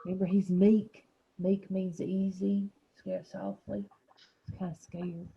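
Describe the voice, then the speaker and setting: A woman's voice: mid-range voice, level tone, unhurried, slightly rough, lo-fi sound. A woman teacher leading a reading lesson for young children, explaining patiently and encouraging them.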